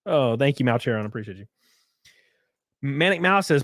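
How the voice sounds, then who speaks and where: A man's voice: mid-range voice, sing-song, a little fast, no room sound, clean studio sound. A man streaming casually, reading viewer comments and effusively thanking them in a loose, profane way. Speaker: streamer and race car driver.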